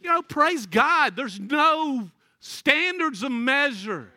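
A man preaches in a high, bright voice. He tells stories in a folksy way and laughs often. The sound is close and dry, with no room echo. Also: expressive, slow. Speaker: pastor. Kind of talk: sermon.

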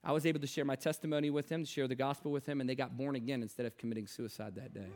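A man preaching a sermon, moving between quiet storytelling and loud, urgent exhortation. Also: mid-range voice, fairly even intonation, racing.

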